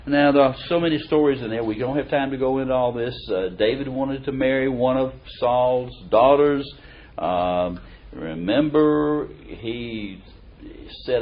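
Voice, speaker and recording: A middle-aged man giving a conversational sermon in a folksy, animated way, who reads verses aloud with emphasis. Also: medium pitch, unhurried. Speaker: preacher or Bible teacher. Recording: dull lo-fi recording.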